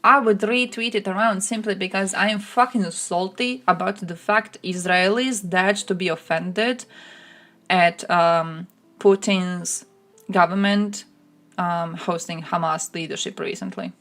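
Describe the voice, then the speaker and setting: A woman's voice: fairly low pitch, expressive, unhurried, fairly bright tone. A woman streaming casual commentary, blunt and sarcastic, swearing often and mocking people in put-on voices. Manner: mocks others in put-on voices. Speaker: streamer reacting to chat.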